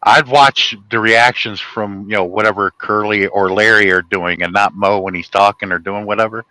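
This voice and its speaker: A man's voice: fairly low pitch, fairly even intonation, normal speed, bright, forceful tone, dry recording, rough recording. A man in casual chat, enthusiastically chiming in and acting out lines from remembered scenes. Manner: enthusiastic fan, chimes in and acts out lines. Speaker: conversation partner.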